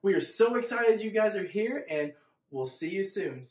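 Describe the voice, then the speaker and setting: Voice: medium pitch, expressive, normal speed, a little mellow. A church announcer giving friendly, upbeat event announcements for a kids' service. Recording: echoey room.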